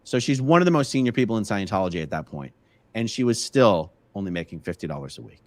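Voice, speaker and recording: A man's voice: fairly low pitch, lively intonation, fast, a little mellow, dry recording. A man hosting a casual live stream, chatting and answering viewer questions from the chat. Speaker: livestream host.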